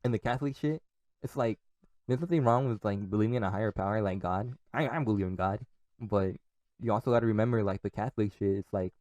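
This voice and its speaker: A young man with a lowish, mellow voice rambles through a solo podcast, swearing freely and breaking into laughs. The sound is dry and close, with no room around it. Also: fast, no room sound. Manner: profane, laughs often, restarts and trails off. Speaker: podcast host. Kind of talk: casual rambling monologue.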